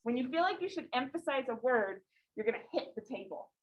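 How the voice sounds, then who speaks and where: A woman teaching a high school English class, explaining casually with lots of "like" and questions to the students. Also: animated, fairly quick, lo-fi sound. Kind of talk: classroom lecture.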